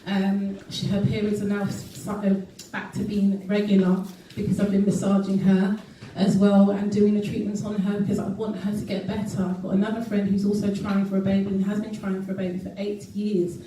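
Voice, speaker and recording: Woman guest speaker, earnest and chatty with many ums, mellow tone, far off in a very echoey hall. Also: mid-range voice, level tone, fairly quick, few pauses, slight background noise. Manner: earnest, with frequent ums and restarts. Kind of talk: casual health talk to an audience. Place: event hall.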